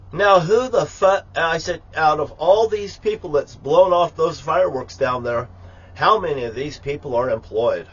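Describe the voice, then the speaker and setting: A man's voice: medium pitch, breathy edge, lo-fi sound. A man talking casually in a rambling, profane, grandiose rant while cooking in his kitchen. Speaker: vlogger. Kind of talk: rambling live vlog monologue.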